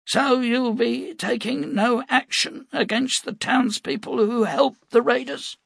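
A man voicing a firm old prophet, high and sly. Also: steady tone, takes it slowly, creaky, a bit bright, husky, dry recording, exaggerated voice. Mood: probing. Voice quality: strong, firm voice. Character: frail old male prophet, firm and probing.

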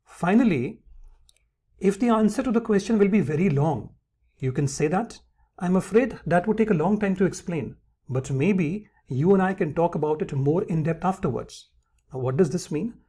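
A man with a somewhat high, husky voice gives an English lesson. His tone is mellow and relaxed, and he calls his viewers friends while reading example phrases aloud. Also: normal speed. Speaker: English teacher. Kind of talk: instructional lesson.

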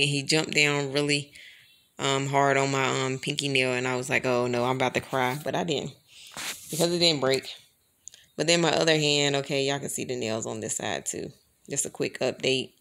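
A woman's voice: sits low, gravelly, bright, forceful tone. A woman vlogger chatting casually to her camera, rambling and calling her viewers y'all.

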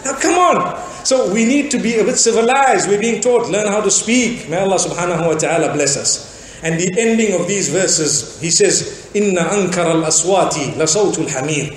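High-voiced preacher in an echoey hall. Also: male voice, normal speed, a little hiss or hum. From Zimbabwe. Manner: storytelling with acted-out dialogue. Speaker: Islamic preacher. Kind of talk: sermon.

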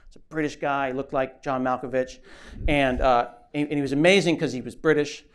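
A man giving a comic conference keynote on stage, animated and joking, acting out little voices as he tells stories. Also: medium pitch, fairly quick, smooth. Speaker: keynote speaker. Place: conference stage before an audience.

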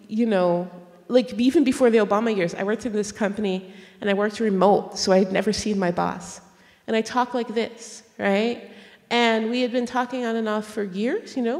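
Speaking at medium pitch, this author from the United States is in conversation on an auditorium stage. Her storytelling is lively, and she laughs as she performs the voices of the people she quotes. Long reverb from the hall fills the recording of this public event.

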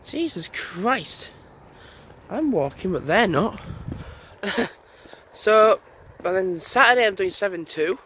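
A man's voice: high-pitched, expressive, takes it slowly, long pauses, a bit bright. A man, vlogging casually and rambling aloud as he walks outdoors. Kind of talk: casual walking vlog chat. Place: outdoors on a lane by a busy road. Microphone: handheld camera while walking. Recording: wind and traffic noise outdoors.

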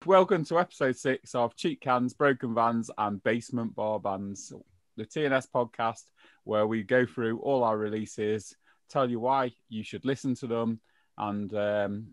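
A man hosting a podcast, talking in a relaxed, jokey way. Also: on the low side, moderate pace, dry recording. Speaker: podcast host. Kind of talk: casual chat.

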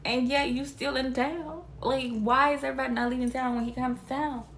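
A young woman chatting casually about a film, animated and incredulous, swearing freely as she talks. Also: sits high, a little fast, slight background noise. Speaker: vlogger reviewing a film. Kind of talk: casual reaction chat.

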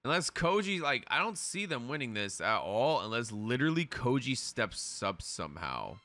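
A man giving casual reaction commentary while watching an anime, excitable and full of profane slang. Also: medium pitch, moderate pace.

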